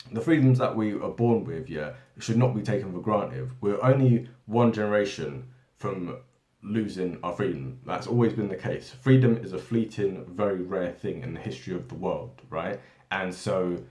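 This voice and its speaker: A man from Britain talks through a loose, unscripted monologue, tacking "right?" and "yeah?" onto his points and stumbling over repeated words as he goes. His voice sits on the low side. The room around him rings with a noticeable echo. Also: darkish tone. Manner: rambling, many tag questions and restarts. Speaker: political commentary channel host. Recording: echoey room.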